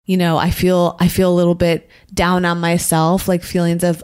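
A woman's voice: on the low side, fairly even intonation, brisk, hardly any pauses, darkish tone, clean tone. A woman who makes online videos, talking frankly and reflectively in a casual interview. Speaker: YouTuber and guest.

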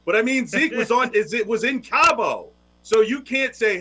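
A man's voice: very high voice, lively intonation, normal speed, bright, forceful tone. A man co-hosting a football show, breaking down games with wisecracks and jokey asides. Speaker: football analyst co-host. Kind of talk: casual sports analysis chat.

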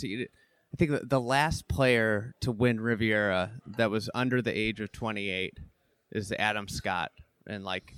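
A man's voice: on the low side, a bit bright, no echo. A man hosting a casual interview, chatty and enthusiastic, leaning on fillers like "you know" and "like". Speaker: interview host.

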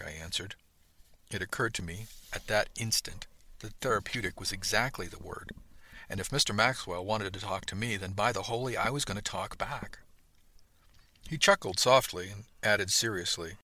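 A man narrating a novel in the first person, steady, with quiet speech tags. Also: lowish voice, normal speed, dry recording. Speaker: audiobook narrator.

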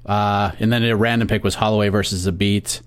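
An American man co-hosting a casual sports podcast, calmly reading through lists of fight matchups. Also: lowish voice, fairly quick. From United States. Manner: relaxed, reads lists of matchups. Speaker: podcast co-host.

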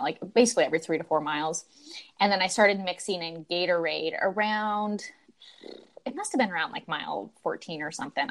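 Chatty woman with a fairly low voice. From Utah, USA. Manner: animated, grateful, full of "like" and "um" fillers. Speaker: podcast guest, marathon runner. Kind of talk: conversational interview storytelling.

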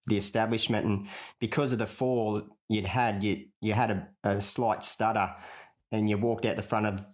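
A man's voice: lowish voice, little pitch movement, moderate pace. A man, a former jockey, asking direct questions in an easygoing, casual interview.

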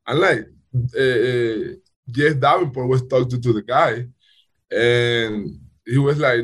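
Husky man in halting second-language English. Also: mid-range voice, a bit bright. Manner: halting non-native English with frequent restarts. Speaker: baseball player guest. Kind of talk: casual interview talk.

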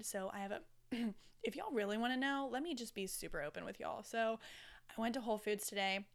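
A woman's voice: a little high, fairly quick, creaky. A woman hosting her podcast in a chatty, rambling, candid way, with casual swearing. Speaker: podcast host. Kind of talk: casual solo podcast chat.

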